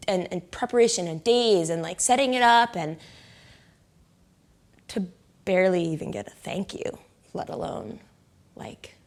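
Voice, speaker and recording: A young adult woman casually telling a personal story, often saying "like", laughing a lot and sometimes dropping to a soft whisper. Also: lowish voice, vocal fry. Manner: chatty, heavy use of "like", laughs often. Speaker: interviewee.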